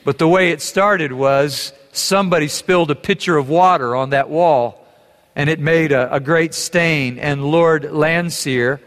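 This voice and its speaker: A man's voice: a little high, a little slow, a bit bright. Fervent preaching man in a reverberant hall. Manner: earnest preaching, rising to fervent emphasis. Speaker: pastor. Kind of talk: sermon.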